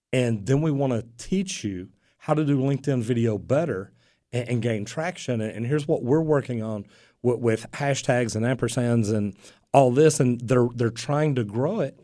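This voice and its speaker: A man's voice: medium pitch, warm tone, no room sound, clean studio sound. A man who runs a plumbing business, chatting casually as a radio talk show host and telling stories with acted-out bits of dialogue. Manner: easygoing storyteller, acts out quoted dialogue. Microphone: studio microphone.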